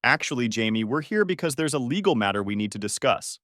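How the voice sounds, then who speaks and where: A man's voice: medium pitch, expressive, fast, fairly bright tone, no room sound, studio quality, lightly acted. A man voicing a smug middle-aged uncle who talks in a condescending, businesslike way.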